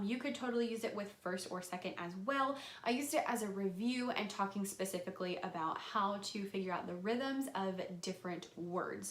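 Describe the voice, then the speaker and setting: A young woman teacher explains a rhythm lesson with lively enthusiasm. Her pitch leaps high and dips low as she acts out her classroom voice. The room around her is echoey. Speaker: elementary music teacher.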